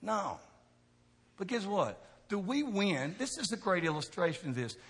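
A man preaching a sermon, talking with the crowd in a chatty way, asking questions, going from quiet to loud. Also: high-pitched, big pitch swings, a little slow, slightly rough. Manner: conversational preaching, asks the crowd questions, swings from soft to shouting. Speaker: pastor. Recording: long hall reverb.

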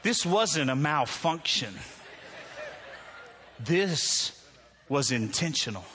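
A man in his forties preaching a sermon in a church, telling stories and acting out his own anger in loud bursts. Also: a little high, big pitch swings, slow pace. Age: 40s. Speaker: pastor.

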